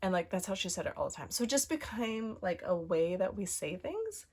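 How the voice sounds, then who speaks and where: A woman's voice: medium pitch, big pitch swings, a little fast, darkish tone, husky. Female knitting podcast host, 30s, bubbly and conversational. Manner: chatty and bubbly, many fillers and asides. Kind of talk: casual show-and-tell chat.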